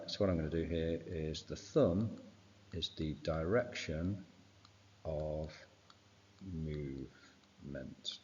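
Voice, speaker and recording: Male science teacher, very low voice, muffled reverberant recording, casual revision walkthrough. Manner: informal, fills with "right" and "okay". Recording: dull sound with long reverb.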